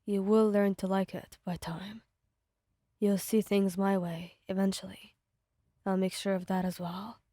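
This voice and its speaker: A cold, possessive young stalker, put on by a woman, murmuring his threats in a whispered role-play. The voice is mellow and breathy, close and dry with no room around it. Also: medium pitch, flat delivery, unhurried, no room sound, pitched below the performer's own voice, natural voice. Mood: menacing.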